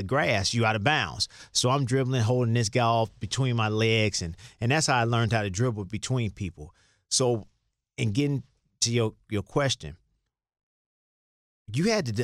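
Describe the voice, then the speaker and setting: In a casual interview, a former basketball player from Chicago, an older man, rambles through his stories, starting over at times and performing quoted lines. His voice is fairly low, recorded dry with clean studio sound.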